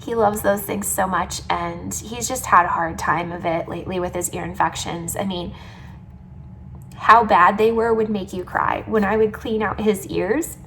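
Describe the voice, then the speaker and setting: A woman's voice: mid-range voice, fairly even intonation, moderate pace, gravelly, a bit bright, a little hiss or hum. A woman chatting casually in a home vlog about her service dog and his food, sometimes stopping to talk to her dogs. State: close to tears with joy. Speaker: vlogger and service dog handler.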